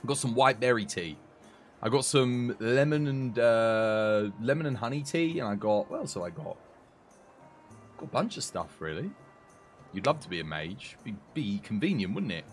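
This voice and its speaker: A young British man chats loosely with his livestream viewers, drifting from one aside to the next with casual swearing. His voice sits at an ordinary middle pitch, and faint music plays underneath. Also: lively intonation, normal speed. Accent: British English. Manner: chatty and rambling, swears casually. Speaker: game streamer chatting with viewers.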